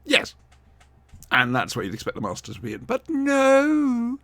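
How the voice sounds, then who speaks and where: A man's voice: fairly low pitch, a little fast, vocal fry, breathy edge, no room sound. A man, co-hosting a casual, jokey watch-along commentary. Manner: jokey, rambling, animated reactions. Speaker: podcast co-host.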